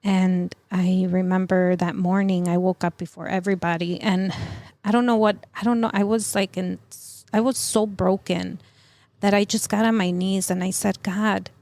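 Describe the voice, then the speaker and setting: A middle-aged woman telling of a personal loss as a podcast guest, in a halting, emotional way full of fillers and restarts. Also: medium pitch, level tone, a little mellow, no echo. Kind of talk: personal testimony in an interview.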